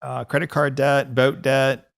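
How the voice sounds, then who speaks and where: A man in conversation on a financial advice podcast. His voice sits at an ordinary pitch for a man. His delivery is easygoing and chatty, full of laughter and small restarts as he explains things. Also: flat delivery, measured pace, creaky. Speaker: financial advisor, podcast host. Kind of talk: casual advisory podcast chat.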